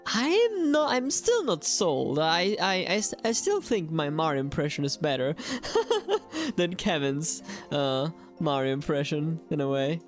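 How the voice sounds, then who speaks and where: A woman's voice: low-pitched, big pitch swings, unhurried, faint music behind. A young adult woman hosting a live gaming stream, chatting animatedly and addressing her viewers directly.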